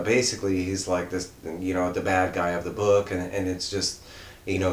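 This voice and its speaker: A very low-pitched man talks through a comic book review in a loose, rambling way, full of fillers and restarts. His voice stays flat and level, and it carries a roomy echo with faint noise behind it. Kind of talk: casual unscripted review.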